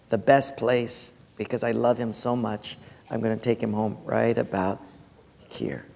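A preacher voicing God, low and tender. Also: male voice, creaky, in a large hall. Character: God, loving patient father speaking. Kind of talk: sermon.

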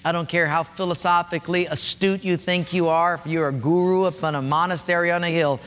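Bright-voiced emphatic preacher man. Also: steady tone, fairly quick, smooth. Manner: emphatic, repeats key phrases, drops to quiet low emphasis. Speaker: pastor. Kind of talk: sermon. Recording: long hall reverb.

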